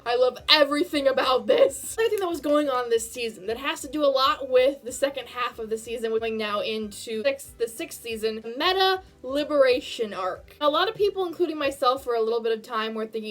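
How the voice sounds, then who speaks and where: A young woman reviewing an anime in a casual vlog, talking in a gushing, emotional way that swings from hushed to excited. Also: sits high, a little fast, few pauses.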